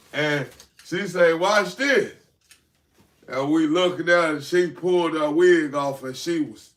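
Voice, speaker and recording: A man telling a rambling, profane story in a casual, animated way. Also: fairly high pitch. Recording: echoey room, far from mic, faint noise.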